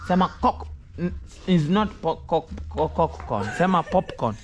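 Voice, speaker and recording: A man chats to his viewers in broken, halting English and coaxes his little ones to speak and sing. His voice sits a little high for a man. Faint noise hums behind him. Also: lively intonation. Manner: switches between broken English and coaxing talk with children. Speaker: vlogger. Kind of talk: casual family vlog talk.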